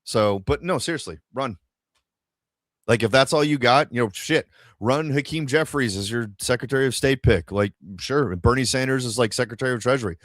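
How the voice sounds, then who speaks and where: A man's voice: medium pitch, a little fast, fairly bright tone, dry recording. Man, podcast host, exasperated, swears a lot, dry close sound. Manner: profane, exasperated ranting. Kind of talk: casual podcast chat.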